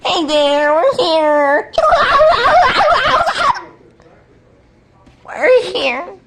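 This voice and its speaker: Woman voicing a tiny toy bird, squeaky, giggly, cheeky, very high. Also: expressive, very slow, very noisy, heavily acted. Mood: gleeful. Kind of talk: toy play with bird figures.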